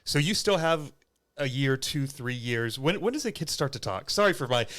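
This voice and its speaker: A man's voice: medium pitch, lively intonation, normal speed, fairly bright tone. A man hosting a podcast, asking questions in an easygoing way and apologizing as he asks. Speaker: podcast host. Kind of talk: casual podcast conversation.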